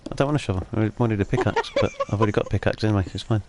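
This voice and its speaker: A man with a lowish voice banters through a gaming stream, joking and rambling with plenty of fillers. Faint noise sits under the recording. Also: rapid-fire, darkish tone. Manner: joking, chatty, with frequent fillers. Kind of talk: casual gaming chat.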